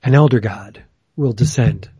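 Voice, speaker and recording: A man's voice: mid-range voice, measured pace, dark tone, husky, dry recording. A man hosting a casual chat who rambles enthusiastically, with plenty of fillers. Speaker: podcast host.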